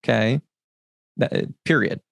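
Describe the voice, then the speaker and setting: A man hosts a Bible teaching podcast, laying out his points slowly and stressing key words. His voice is mid-pitched, and it sounds dry and close on the mic. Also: gravelly, no echo. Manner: deliberate, emphatic, explanatory. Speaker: podcast host.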